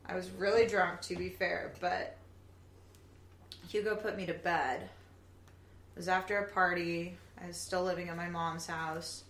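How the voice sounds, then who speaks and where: A woman telling her own stories in an animated way, swearing now and then, in a casual group chat. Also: fairly low pitch, unhurried, pauses often. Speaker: guest. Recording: echoey room, faint background noise.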